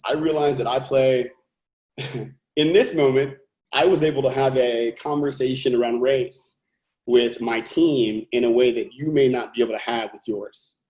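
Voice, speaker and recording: A man's voice: mid-range voice, a little mellow. A man from California, a company founder being interviewed, talking earnestly and emphatically and thinking aloud with restarts. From California, USA. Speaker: company founder and CEO, guest. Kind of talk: podcast interview. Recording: roomy echo.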